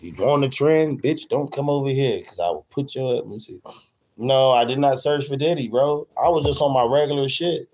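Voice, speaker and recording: A man's voice: mid-range voice, moderate pace, darkish tone, rough recording. A man livestreaming, rambling crudely and repeating himself while he talks straight to his chat. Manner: profane, repetitive, talks to chat. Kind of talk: crude rambling stream rant.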